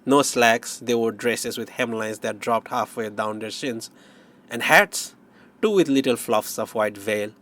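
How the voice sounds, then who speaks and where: A man narrating an audiobook in first person, wry and measured. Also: medium pitch, fairly bright tone.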